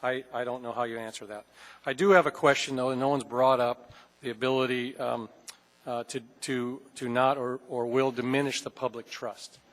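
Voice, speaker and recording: Guy on a city council going on and on making his case, mid pitch, big echoey chamber. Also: little pitch movement, moderate pace, a bit bright. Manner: argumentative, long-winded. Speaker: assembly member. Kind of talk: public meeting debate.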